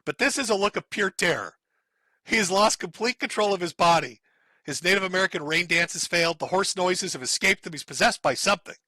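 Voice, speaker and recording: Stream host, man, middle-aged, high and bright, sarcastic mocking commentary, dry close mic. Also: lively intonation, a little fast, no echo. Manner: sarcastic, mocking, laughs often.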